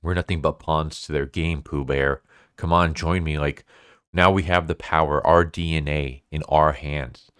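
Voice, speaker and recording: A man voicing a rebellious male supersoldier deer who urges his friend to rebel, spoken in his own low, smooth voice as a comic recap. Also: steady tone, a little slow, a bit bright, no room sound, studio quality. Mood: urgent.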